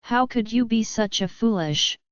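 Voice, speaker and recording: A woman's voice: fairly high pitch, unhurried, clean tone, no echo, muffled recording, close to an everyday voice. A woman voicing an older, flustered but fatherly emperor who talks in a placating way.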